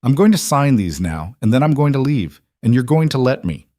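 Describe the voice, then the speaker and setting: A man's voice: mid-range voice, sing-song, fairly quick, mellow, no echo, clean studio sound, pitched above the performer's own voice, natural voice. A man voicing a defiant pregnant young wife, cutting and bitter, in an audiobook reading.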